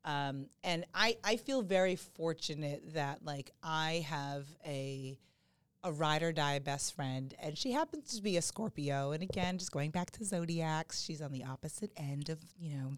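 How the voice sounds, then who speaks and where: A woman's voice: deep voice, lively intonation, dry recording. Chatty, rambling woman co-host. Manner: chatty, rambling, quick to joke. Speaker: podcast co-host. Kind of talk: casual chat.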